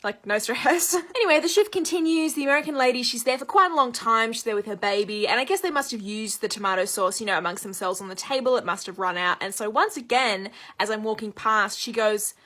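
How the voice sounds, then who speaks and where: A young Australian woman with a bright, clear, forward voice tells a lively anecdote to camera. She sits a touch above the usual pitch and slips into quick impressions of the people she is describing. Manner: lively anecdote, acts out quoted lines. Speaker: vlogger. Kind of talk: casual storytelling.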